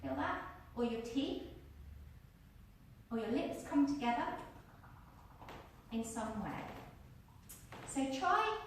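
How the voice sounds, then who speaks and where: A woman's voice: a little high, slight background noise. A woman teaching a workshop on using the voice, chatty and encouraging as she demonstrates exercises aloud to a group. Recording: very echoey room, voice from far off.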